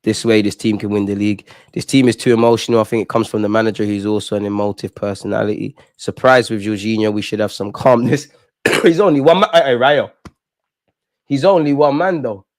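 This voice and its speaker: A young man hosting a live football watch-along, animated and talking straight to the players and referee. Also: fairly low pitch, a little fast, no room sound, studio quality.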